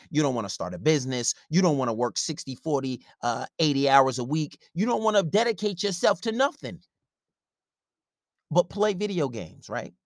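A relationship advice commentator delivers a blunt, profane rant of a monologue, confrontational in tone. His voice is mid-range, and the studio sound is clean with no room sound.

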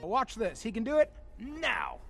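A man putting on a high, excitable hype-man voice that teases about someone in the third person, from far off in an echoey space. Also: measured pace, vocal fry, soft background music, exaggerated voice. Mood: teasing. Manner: squeaky and teasing, talking about the speaker in third person. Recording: distant, echoey with long reverb.

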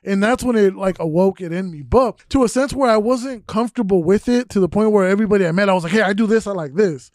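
A young man with a fairly high voice hosts a casual podcast, rambling candidly through personal stories. The sound is dry and close, with no room around it. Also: quick pace, hardly any pauses, darkish tone, dry recording. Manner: candid, rambling storytelling with frequent fillers. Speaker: podcast host.

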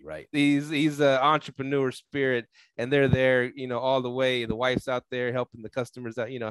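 A man hosting a casual podcast, telling stories in a relaxed way with frequent restarts. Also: medium pitch, no room sound. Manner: relaxed storyteller, stumbles and restarts often. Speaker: podcast host.

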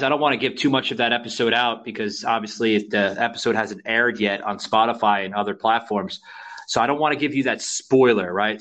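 A podcast co-host from Florida, a man who talks frankly and casually, with plenty of "uh"s as he gets his thoughts out. His voice sits at an ordinary mid pitch. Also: a bit bright. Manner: frank, conversational, many fillers. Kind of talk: political podcast talk.

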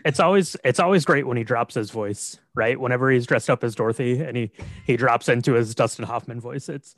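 A man co-host walks through a film's plot in a relaxed, easygoing manner, often murmuring agreement. His voice is mid-pitched and the recording is dry and close. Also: brisk, no echo. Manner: relaxed, agreeable, frequent affirmations. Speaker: podcast co-host. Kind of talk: casual chat retelling a film.

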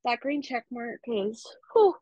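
Gushing young woman, fairly high voice. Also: lively intonation, a little slow, warm tone, dry recording. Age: young adult. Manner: gushing and emotional, many "like" fillers. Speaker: guest, newly licensed physical therapist assistant. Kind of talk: casual interview chat. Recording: dull lo-fi, dry.

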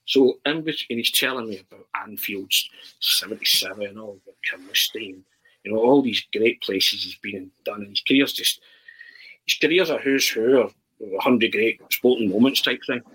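A man's voice: on the low side, normal speed, breathy edge, low-quality recording. A Scottish man telling a long anecdote in casual talk, breaking into mock football commentary as he goes. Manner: animated storyteller, bursts into mock football commentary. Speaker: podcast guest. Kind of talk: casual storytelling.

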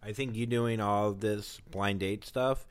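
A man's voice: fairly low pitch, steady tone, slow pace. A man co-hosting a comedy podcast, joking in a laid-back way. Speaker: podcast co-host. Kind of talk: casual comedy chat.

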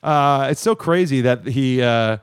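A man hosting a radio show in casual chat, rambling and halting, laughing often. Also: mid-range voice, clear, resonant tone, dry recording.

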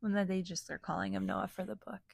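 A woman reading a picture book aloud to children, animated and asking them to join in with sounds. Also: mid-range voice, quick pace, vocal fry, slightly rough, dry recording, studio quality.

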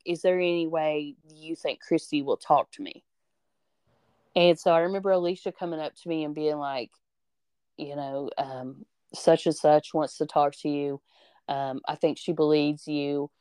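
On her podcast, a young woman chats casually through a story from high school, animated and foul-mouthed, mimicking the voices of those she quotes. Her smooth, clear, lowish voice is recorded close to the mic, dry and without echo.

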